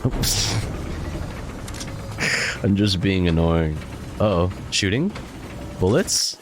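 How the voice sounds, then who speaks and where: Slow, lively young man streaming a game. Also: deep voice, noisy background. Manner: playful, jokey, swears often. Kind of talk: casual gameplay commentary.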